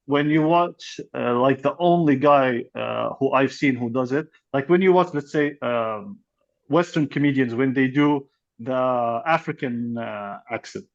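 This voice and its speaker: A man's voice: mid-range voice, measured pace, creaky. A man co-hosting a podcast in casual chat, rambling with many restarts and fillers. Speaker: podcast co-host, comedian. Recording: dull lo-fi sound.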